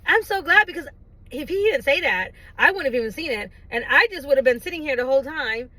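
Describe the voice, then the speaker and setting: A woman's voice: high voice, fast, no echo, rough recording. A middle-aged woman chatting casually to camera, telling a story with laughs and squealed quotes. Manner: animated, laughing storyteller who acts out her own squeals. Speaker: vlogger. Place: in a parked car.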